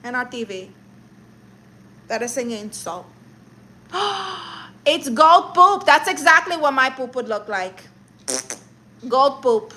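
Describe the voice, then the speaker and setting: A woman's voice: a little high, expressive, a little slow, long pauses, sharp tone, slight background noise. A woman live streaming comedy who rants and roasts her viewers in a brash, sassy, mock-insulting way, with Spanish exclamations thrown in.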